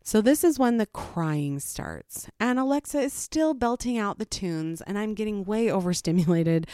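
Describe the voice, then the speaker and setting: A woman's voice: mid-range voice, warm tone, clean tone, no echo, clean studio sound. A mother of four recounts her day in a wry, exasperated way. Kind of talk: personal storytelling narration.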